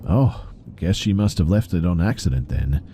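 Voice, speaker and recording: Creepy cutesy country-talking woman passenger, read by a man in a spoken horror story; very deep, dark voice. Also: animated, normal speed, slight background noise. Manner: creepy yet cutesy, drawling country speech.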